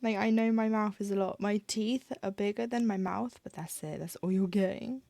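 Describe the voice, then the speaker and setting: Woman, casual stream chat, mellow, gravelly, self-deprecating. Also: mid-range voice, steady tone, moderate pace, no echo. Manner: chatty, self-deprecating, acts out little quoted exchanges. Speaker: cross-stitch streamer. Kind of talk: casual chat while stitching on a live stream.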